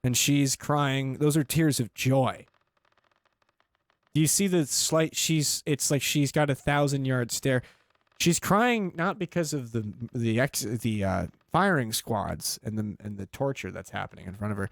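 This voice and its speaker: A man hosting a comedy podcast, chatting casually and riffing on jokes with quick tangents. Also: mid-range voice, gravelly, dry recording. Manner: rambling, joking, quick tangents. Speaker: podcast host.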